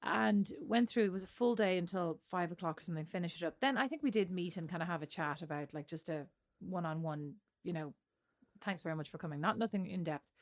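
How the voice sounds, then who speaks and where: Fast-talking Irish woman chatting. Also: lowish voice. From Ireland. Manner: rambling, self-interrupting, laughs easily. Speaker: podcast co-host. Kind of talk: casual chat.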